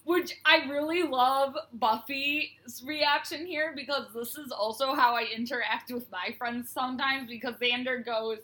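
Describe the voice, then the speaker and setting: A woman's voice: high-pitched, steady tone, a little slow, few pauses, bright, forceful tone. A woman co-hosting a podcast, chatting casually through a TV episode recap with playful quoted lines and laughter. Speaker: podcast co-host.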